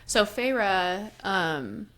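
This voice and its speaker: A young adult woman co-hosting a podcast recaps a novel loosely in a casual book-discussion chat, filling gaps with lots of "um" and "like." She talks very slowly at a medium pitch, with lively intonation and a fairly bright tone, over slight background noise.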